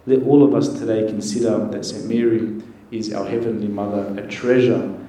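A man, a priest, giving an earnest, gentle sermon with pauses. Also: lowish voice, level tone. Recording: echoey church with faint noise.

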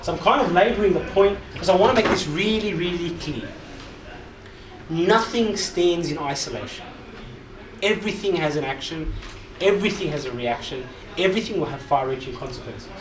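A man's voice: sits high, lively intonation, brisk. A man preaching to a live group, emphatic and repetitive, constantly checking in with questions to the audience. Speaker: preacher, youth speaker. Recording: echoey hall, mic far off, audible noise.

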